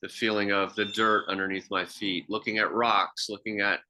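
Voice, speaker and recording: A man's voice: on the low side, flat delivery, moderate pace, bright, forceful tone. A man co-hosting a podcast, telling reflective stories in casual chat with frequent restarts. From half Swiss. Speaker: podcast co-host.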